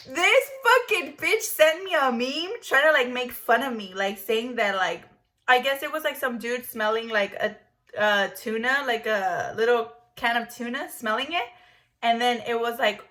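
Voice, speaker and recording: Bright-voiced young woman telling a story. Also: a little high. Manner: stuttering, blunt, swears a lot. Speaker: vlogger. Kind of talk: storytime vlog.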